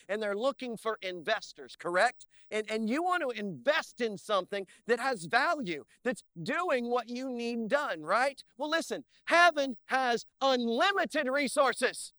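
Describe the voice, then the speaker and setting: A male pastor preaching an energetic sermon in a church, with playful asides and slow, drawn-out emphasis on key words. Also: very high-pitched, no room sound. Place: church sanctuary.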